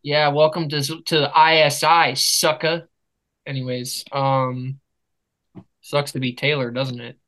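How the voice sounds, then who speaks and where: A man's voice: medium pitch, little pitch movement, slow pace, a bit bright, poor audio. An American man hosting a podcast in casual chat, telling stories with lots of swearing and laughter. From United States. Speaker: podcast host.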